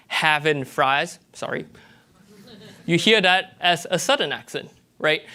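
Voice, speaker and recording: A young man from Malaysia with a Malaysian English accent gives a TED-style talk. His voice sits a little high and swings widely in pitch. He explains things in a lively way and keeps checking in with the audience. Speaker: graduate student presenter.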